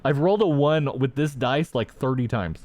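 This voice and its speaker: A man's voice: medium pitch, normal speed. A young man streaming a tabletop game, chatting casually and ranting with lots of swearing. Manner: animated, profane ranting to chat. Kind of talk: casual livestream chat.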